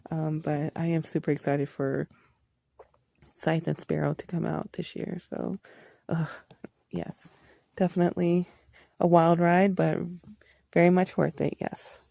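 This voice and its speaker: Female book vlogger, excitable and sweary, very fry-heavy mellow tone, dry close sound. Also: low voice, a little slow, long pauses, no echo. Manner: excitable, swears a lot, gushing. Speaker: book reviewer. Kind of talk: casual book review vlog.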